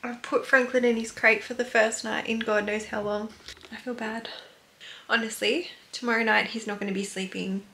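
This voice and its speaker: A young Australian woman chats to the camera at home in a quick, upbeat vlog voice. Her tone is bright and a touch high, and the room around her rings with echo. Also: little pitch movement, vocal fry. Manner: chatty, upbeat. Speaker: vlogger. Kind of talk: casual vlog chat.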